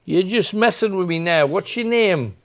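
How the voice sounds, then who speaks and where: A man's voice: high voice, expressive, moderate pace. A man hosting a ghost hunt, persistently calling out questions to spirits inside an old building at night. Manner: persistent, questioning, coaxing then demanding. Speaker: paranormal investigator host.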